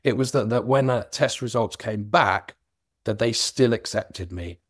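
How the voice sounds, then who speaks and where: A man's voice: fairly low pitch, measured pace, no room sound, clean studio sound. A middle-aged man from London with a faint trace of Cockney, talking candidly and reflectively as an interview guest. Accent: London, slightly Cockney. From England. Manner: earnest, reflective, occasional self-amused laughter. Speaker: author and business guest.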